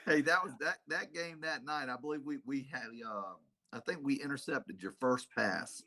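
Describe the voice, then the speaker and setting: A man, a head football coach telling stories as an interview guest. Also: moderate pace. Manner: animated storyteller, acts out quotes with big pitch jumps. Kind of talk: casual storytelling interview.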